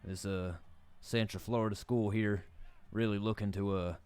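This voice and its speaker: A man's voice: lowish voice, steady tone, normal speed, darkish tone, clear, resonant tone. A man from the Southern US streaming a football game, giving laid-back, joking play-by-play and laughing often. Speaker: gaming streamer. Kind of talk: casual gaming commentary.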